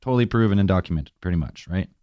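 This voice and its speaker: Lower-voiced man thinking aloud. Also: very fast, clean tone, no echo, highs cut off. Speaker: podcast co-host. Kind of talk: casual chat.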